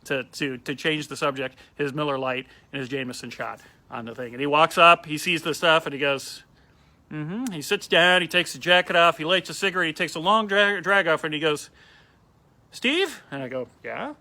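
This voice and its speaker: A male comedian with a slightly high voice tells a funny story at a brisk clip. He keeps it casual and animated, acting out the quoted lines.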